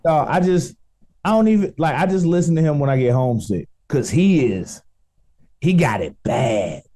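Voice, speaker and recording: A man with a Chicago accent co-hosting a casual podcast, eager and quick to jump in. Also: a little high, sing-song, dark tone. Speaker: co-host.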